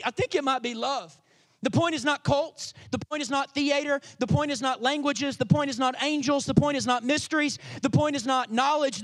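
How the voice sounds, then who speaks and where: A male pastor delivering a sermon with a strikingly high-pitched voice. He preaches with energy and drama, shifting between loud emphatic lines and quiet asides.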